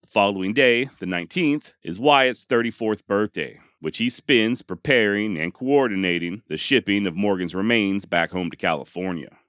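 Wry low-voiced man telling history. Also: fairly bright tone, dry recording, studio quality. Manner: folksy, wry, with salty asides. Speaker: history narrator. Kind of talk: scripted storytelling narration.

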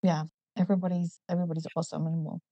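Speaking with a fairly low, flat voice that shows little pitch movement, this Newcastle-born company founder is a guest on a casual interview. Her northern English accent carries an American tinge from years abroad, and she explains things steadily, with many ums, over a dry, lo-fi recording.

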